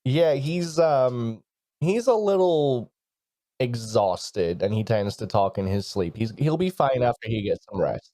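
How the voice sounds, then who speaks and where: A man playing a tabletop game, speaking politely and haltingly, with frequent restarts. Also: mid-range voice, animated, warm tone, no room sound, studio quality. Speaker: player.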